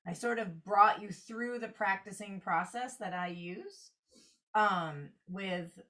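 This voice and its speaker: A woman's voice: fairly low pitch, fairly bright tone. Woman teaching clarinet practice steps. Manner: explanatory, walks through steps while annotating. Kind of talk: online workshop lesson.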